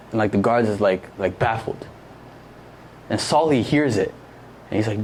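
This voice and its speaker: A man's voice: on the low side, moderate pace, long pauses, a little mellow, a little hiss or hum. A young man preaching a casual sermon to a youth group, slangy and conversational, often quizzing his listeners with questions. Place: church service.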